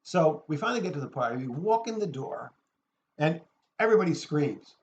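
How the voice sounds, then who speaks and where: Male raconteur, lively and acting out the people in his story; slightly high voice, muffled lo-fi recording. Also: fairly quick, gravelly. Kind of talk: anecdote told aloud.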